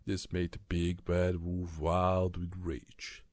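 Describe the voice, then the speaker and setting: Man, deep voice, very slow, soft-spoken ASMR bedtime story, calm and soothing. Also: dry recording, clean studio sound.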